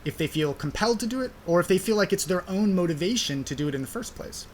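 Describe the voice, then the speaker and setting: A man's voice: high-pitched, animated, fast, a little hiss or hum. A young man hosting a podcast, explaining a study in a casual, conversational way with frequent fillers. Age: young adult. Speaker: podcast host.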